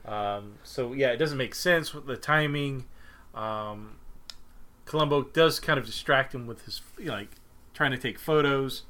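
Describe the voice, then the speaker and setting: Male podcast co-host with a bright, forceful voice, rambling casual chat. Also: medium pitch, a little slow. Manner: loose and rambling, many fillers and restarts.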